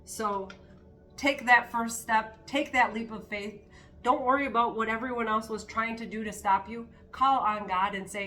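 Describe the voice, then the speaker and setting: A woman's voice: a little high, fairly even intonation, normal speed, bright, forceful tone, soft background music. A woman giving a spiritual card reading to her viewers, talking in an earnest, encouraging way with spontaneous asides. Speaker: tarot card reader.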